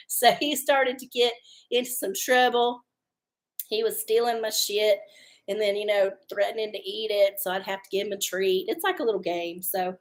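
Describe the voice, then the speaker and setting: A chatty woman hosting a live stream from home, tossing off swear words as she goes. Her voice sits a bit high for a woman, and she sounds loose and unscripted. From Texas. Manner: chatty, salty, swears freely. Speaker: livestream host. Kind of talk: casual livestream chat. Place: home studio under hot lights.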